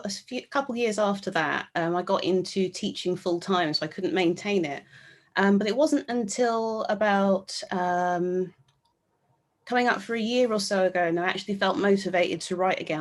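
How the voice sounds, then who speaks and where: A woman with a British accent, a knitwear designer guest in a casual interview, speaking thoughtfully with many hesitations. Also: medium pitch. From England.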